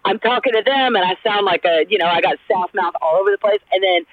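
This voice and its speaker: A woman from Alabama with a Southern accent, a guest chatting in an animated, rambling way. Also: medium pitch, fast, dry recording. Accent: Southern American. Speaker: actress guest. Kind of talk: casual chat. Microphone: phone call. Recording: dry, tinny phone line.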